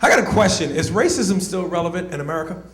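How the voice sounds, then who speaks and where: Male stand-up comic, high voice, loud, animated, profane; echoey club room. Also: fast talker, faint music behind. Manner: loud, animated, bursts into shouted grunting noises; profane, punchy delivery with crowd address. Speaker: stand-up comedian. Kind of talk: stand-up comedy set. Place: comedy club stage. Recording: echoey club with audience ambience.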